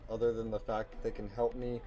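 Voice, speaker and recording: A man's voice: on the low side, flat delivery, fast talker, warm tone, muffled recording, soft background music. A man from the United States playing a strategy game in co-op, talking bluntly and offhand. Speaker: co-op gamer. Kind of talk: casual gameplay chat.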